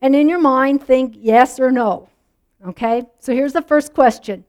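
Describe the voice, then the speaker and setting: A woman pastor with a notably high voice gives a sermon in a church. She keeps it conversational, checking in with "okay?" and putting a string of questions to her listeners. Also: a little slow. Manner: conversational, asks the congregation questions; drops soft and low when praying.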